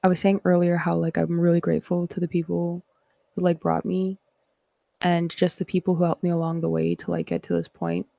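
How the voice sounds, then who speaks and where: A woman's voice: on the low side, brisk, creaky, mellow, dry recording. A Canadian woman hosting a live stream, chatting casually with viewers in a rambling, reflective way before reading scripture aloud.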